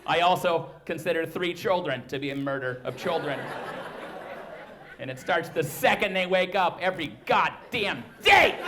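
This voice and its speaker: A man with a high, light voice doing stand-up into a handheld stage mic in a comedy club. He talks in an easy, conversational way, breaking now and then into loud shrieking impressions. The live recording is noisy, with a laughing crowd filling the room. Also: animated, normal speed. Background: audience laughing.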